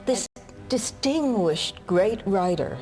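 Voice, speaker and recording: Animated woman with a lively voice. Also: mid-range voice, slow, soft background music. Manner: animated, acts out remembered scenes. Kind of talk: documentary interview recollection.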